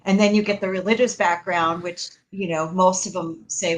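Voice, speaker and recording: A woman's voice: fairly low pitch, fairly even intonation, normal speed, few pauses, slight background noise, poor audio. A woman co-hosting a paranormal talk show, chatty and laughing easily. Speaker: co-host. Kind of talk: casual talk show chat.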